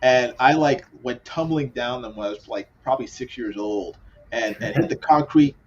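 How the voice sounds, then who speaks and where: A man's voice: medium pitch, normal speed, a little mellow, dull audio. A middle-aged man telling a laid-back childhood story in a casual chat, chuckling as he goes.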